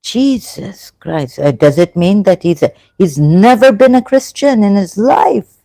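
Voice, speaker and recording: A host from England talking through a religion discussion in a casual live chat, halting and thinking aloud as they go. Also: mid-range voice, animated, warm tone, dry recording.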